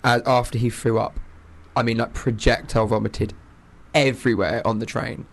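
A man's voice: mid-range voice, fairly even intonation, normal speed, creaky. A man co-hosting a podcast, teasing and prodding with a chatty, filler-heavy manner. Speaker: podcast co-host. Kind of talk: candid casual chat.

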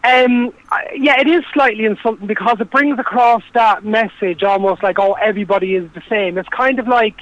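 A man's voice: sits high, fairly quick, hardly any pauses, a bit bright, lo-fi sound. An Irish man talking earnestly in a casual interview, rambling with lots of fillers. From Ireland. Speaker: guest.

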